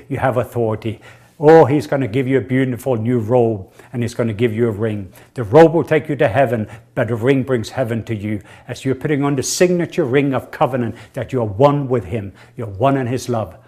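A man preaching and praying, leading listeners in spoken affirmations, hushed and tender in prayer and swelling when he proclaims. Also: mid-range voice. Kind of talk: sermon with prayer and call-and-response affirmations.

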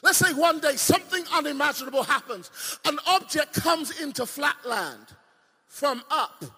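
A male preacher delivering a sermon with emphatic swings between shouting and hushed asides, often asking the congregation questions. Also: very high voice, expressive, moderate pace. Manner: playful, asks the crowd questions. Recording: long reverb of a large hall.

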